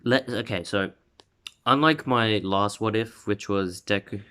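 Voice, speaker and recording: Low-voiced man rambling through a fan story. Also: unhurried, bright, forceful tone, smooth. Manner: rambling, full of restarts and fillers. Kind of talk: casual unscripted story narration.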